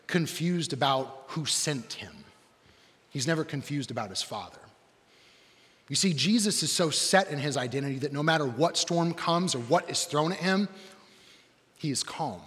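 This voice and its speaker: A male preacher giving a conversational sermon, leaning on "like" and dropping to a hush for emphasis. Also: on the high side, in a large hall. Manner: conversational, lots of "like", dramatic drops to quiet.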